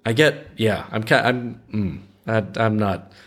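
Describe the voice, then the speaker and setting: A man's voice: on the low side, unhurried, fairly bright tone. A man hosting a storytelling show, reading a folk tale aloud and breaking off for wry, skeptical, rambling asides. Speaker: podcast host reading folk tales. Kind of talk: storytelling with casual commentary.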